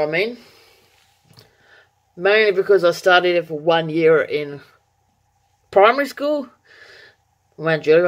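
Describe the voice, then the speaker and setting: A woman talks casually to her viewers in a slightly low voice. She rambles with fillers and corrects herself. She laughs at her own slips. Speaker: vlogger. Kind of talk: casual chat to camera.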